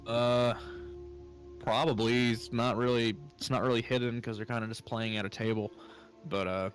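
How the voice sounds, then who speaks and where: Man, game master, relaxed narration, lots of ums, tabletop game. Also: mid-range voice, normal speed, soft background music. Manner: easygoing, many fillers.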